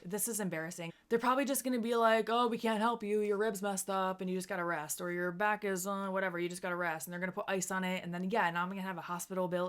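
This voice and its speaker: A woman in her thirties, a streamer, telling a personal story in casual chat, quoting herself and others and swinging between hushed and loud. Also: mid-range voice.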